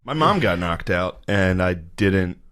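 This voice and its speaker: A man in his thirties tells a crude story in relaxed podcast chat. He swears freely and keeps cracking up as he goes. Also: deep voice, takes it slowly, a little hiss or hum. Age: 30s. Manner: profane, breaks into laughter mid-story.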